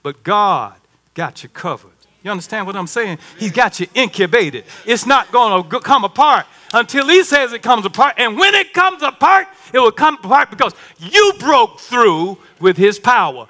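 A man preaching a sermon in a folksy, conversational way, swinging from hushed asides to emphatic calls. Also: extremely high pitch, lively intonation, normal speed. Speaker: pastor.

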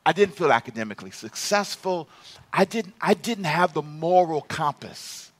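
A man preaching a sermon to a congregation, telling stories from his youth and calling out to the crowd, going from hushed musing to loud shouts. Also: on the high side, animated, moderate pace. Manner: calls out to the congregation for responses.

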